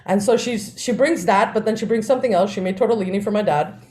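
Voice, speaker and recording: A woman, co-hosting a podcast and telling family stories in a lively way, often laughing. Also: medium pitch, quick pace. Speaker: podcast co-host. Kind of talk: casual storytelling.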